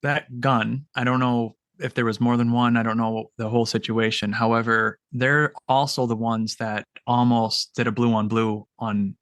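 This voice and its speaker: A man's voice: medium pitch, a bit bright, no room sound, studio quality. A man in casual chat, careful and hedging, unsure of the details he recalls.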